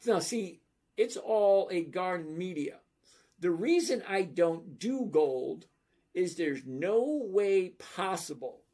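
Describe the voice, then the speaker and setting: A man hosting a casual livestream, talking slowly and emphatically and often checking in with "okay?". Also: high voice, animated, mellow. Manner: slow, emphatic, repeats "okay?" to check understanding. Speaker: livestream host answering viewer questions. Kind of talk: casual livestream chat about stocks.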